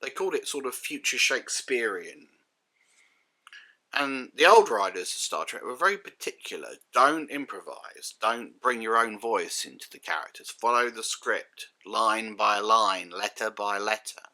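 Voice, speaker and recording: A man's voice: fairly low pitch, expressive, normal speed, bright, forceful tone. A man giving a sardonic, exasperated spoken review, full of rhetorical questions. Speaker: critic and reviewer.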